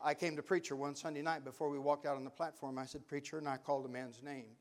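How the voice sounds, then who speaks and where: A man's voice: fairly high pitch, fairly even intonation, fast. An older man preaching a sermon, telling folksy stories and building to fervent exhortation.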